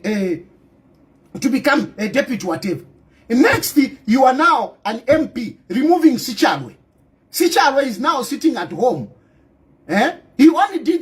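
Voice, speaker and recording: A Zambian man speaking out in a fiery political monologue, repeating himself and stumbling through restarts as his voice rises and cracks. His voice sits high and swings widely in pitch, lively and emotional. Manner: fiery, repetitive, stammering restarts. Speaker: politician and activist.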